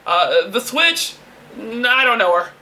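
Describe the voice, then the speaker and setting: A woman's voice: a little high, very animated, a little slow, sharp tone, a little hiss or hum. Laughing, teasing woman podcast co-host. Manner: playful, teasing, swears freely, laughs often. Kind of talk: casual chat.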